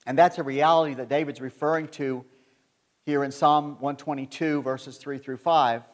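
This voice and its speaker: A man preaching a sermon, reading scripture in a measured, earnest way and building to forceful emphasis. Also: mid-range voice, fairly even intonation.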